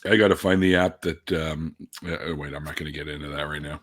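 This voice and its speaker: Laid-back swearing stream co-host. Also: male voice, very deep voice, fairly even intonation, fast. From Canada. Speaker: livestream co-host. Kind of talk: casual chat on a livestream.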